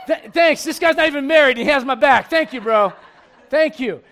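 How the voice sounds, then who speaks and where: A middle-aged male pastor preaching a sermon in a humorous, conversational way, swinging from loud bursts to hushed lines. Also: very high-pitched, moderate pace, some chatter behind.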